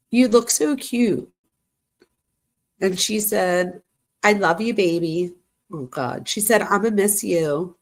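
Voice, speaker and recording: A woman hosting true crime commentary, chatting casually while reading text messages aloud and reacting to them. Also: on the low side.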